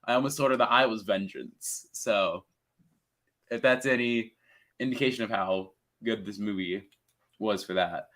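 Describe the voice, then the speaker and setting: A young man co-hosting a casual movie review chat, rambling and excitable, with the odd swear word. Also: fairly low pitch, a little slow. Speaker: podcast co-host.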